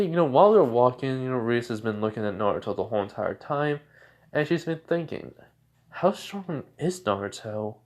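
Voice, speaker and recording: A young man at home improvising a fan-fiction story, rambling with many fillers and little chuckles. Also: mid-range voice.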